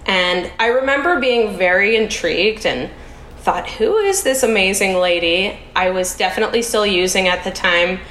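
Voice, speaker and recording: A woman's voice: mid-range voice, lively intonation, normal speed, a bit bright. A woman guest on a podcast, speaking thoughtfully with some hesitation. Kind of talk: casual interview talk. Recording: echoey room with faint noise.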